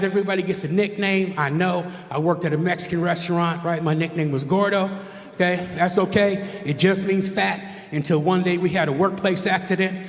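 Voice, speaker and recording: Self-mocking man doing stand-up in an echoey hall. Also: high voice. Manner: conversational, self-mocking, tag questions to the crowd. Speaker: stand-up comedian. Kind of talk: stand-up comedy set. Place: church stage with a live audience. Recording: echoey hall, long reverb.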